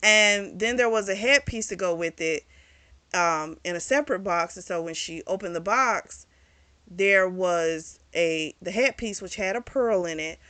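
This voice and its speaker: A woman's voice: fairly low pitch, unhurried, sharp tone, no echo. A woman hosting a book review, casually retelling the plot with lots of "like" and "um". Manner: chatty retelling full of "like" and "um".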